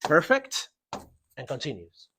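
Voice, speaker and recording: A man's voice: fairly high pitch, huge pitch swings, unhurried, sharp tone, a little hiss or hum. A man teaching a grammar lesson to a class in a classroom. He stresses and repeats key words and keeps checking in with the students. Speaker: English teacher.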